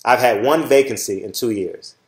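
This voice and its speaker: In an echoey room, a middle-aged channel host with a Southern Californian accent speaks at a moderate pace in a mid-range voice. He talks casually and bluntly to his viewers, swearing often and tossing in "all right?" again and again.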